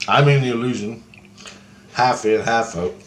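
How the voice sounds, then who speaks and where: A man recounts a strange vision in a loose, rambling way, with a lot of swearing. His voice sits at an ordinary pitch. A faint hiss of noise runs under the recording. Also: moderate pace. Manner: profane, excitable storytelling that acts out quoted voices. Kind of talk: rambling first-person account of a vision.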